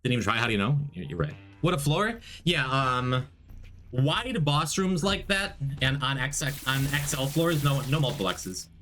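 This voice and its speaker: A male streamer with a bright, forceful voice that swings widely in pitch as he rambles. He chats casually while gaming, joking and answering chat, with faint music under him. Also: very animated, moderate pace.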